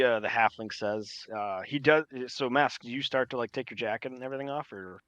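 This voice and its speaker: A man's voice: medium pitch, fairly quick, few pauses, a bit bright, no echo, dull audio. A man narrating a tabletop game as game master, casual and filler-heavy.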